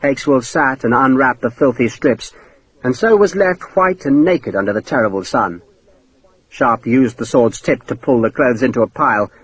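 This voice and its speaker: A man narrating an audiobook in a dramatic, expressive way. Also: medium pitch, moderate pace, slightly rough, rough recording. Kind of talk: scripted narration.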